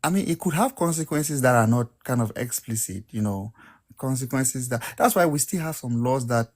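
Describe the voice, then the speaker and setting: A man's voice: mid-range voice, expressive, moderate pace. A man in a casual debate on a podcast, explaining and defending his view in an earnest way. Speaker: podcast co-host.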